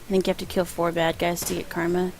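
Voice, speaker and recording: A woman talks through a video game playthrough in a casual, rambling way, often laughing at her own jokes. Her voice sits a little low. A faint hiss runs under the recording. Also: completely flat delivery, fast talker, rough recording. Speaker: let's play host. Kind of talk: casual gameplay commentary.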